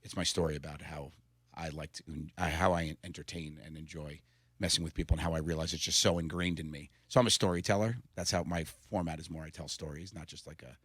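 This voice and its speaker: A man's voice: rumbling low, quick pace, breathy edge, no echo, clean studio sound. A middle-aged man, a comedian guest, telling stories in a casual interview and laughing often. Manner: animated storyteller, laughs often.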